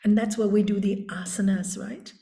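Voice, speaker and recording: A woman who teaches yoga, guesting on an interview and telling stories about her path in a slow, deliberate teaching tone. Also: medium pitch, fairly even intonation, warm tone. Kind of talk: reflective storytelling. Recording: roomy echo.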